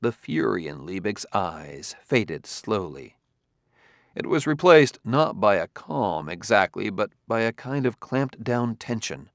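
A man reading a novel aloud as narrator in an even, measured way. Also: lowish voice, dry recording, clean studio sound. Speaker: audiobook narrator. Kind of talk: scripted narration.

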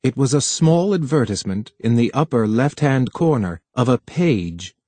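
A man narrating an audiobook in a steady, measured reading voice. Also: medium pitch, dry recording. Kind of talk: scripted narration.

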